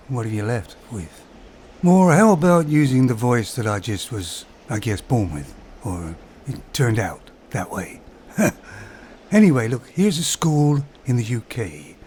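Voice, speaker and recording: A man's voice: mid-range voice, darkish tone. A man with an English accent giving a sarcastic, ranting monologue to his viewers, chuckling at his own remarks. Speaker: vlogger. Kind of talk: opinionated monologue.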